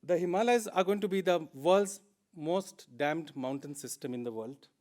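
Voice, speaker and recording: This man, a conference speaker with an Indian English accent, delivers a plenary talk in a slightly high, darkish voice at a moderate pace. He is earnest and emphatic, repeating words for stress.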